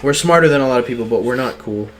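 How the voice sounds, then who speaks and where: A man's voice: mid-range voice, racing, slight background noise. A young man co-hosting a casual podcast, chatting in a rambling, jokey way that often trails off mid-sentence. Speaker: podcast co-host. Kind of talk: casual chat.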